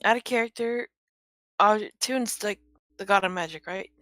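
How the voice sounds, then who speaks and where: A woman's voice: mid-range voice, moderate pace, a bit bright, no room sound. A woman playing a tabletop game, making clarifying asides out of character. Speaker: player. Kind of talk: tabletop role-play.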